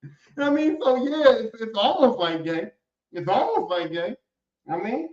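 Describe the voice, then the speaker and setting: High-voiced man ranting in an echoey room. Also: fairly quick. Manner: animated, profane, acts out quotes in other voices. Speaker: podcast host. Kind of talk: casual comedic rant. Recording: echoey room, dull lo-fi sound.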